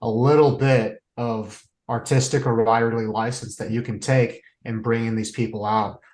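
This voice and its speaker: A man's voice: medium pitch, steady tone, moderate pace, darkish tone. A man who is a guest, chiming in animatedly during a casual conversation. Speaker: podcast guest. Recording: roomy echo.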